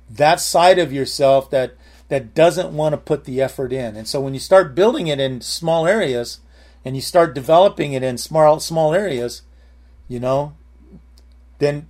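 A man's voice: fairly high pitch, darkish tone. A man preaching a sermon in a loose, conversational way, full of restarts and calls of amen. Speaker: pastor.

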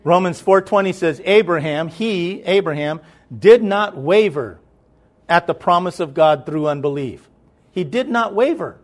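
A man's voice: high voice, expressive, measured pace. Conversational man preaching with rising fervor. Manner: asks the listeners if they are listening. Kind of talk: sermon.

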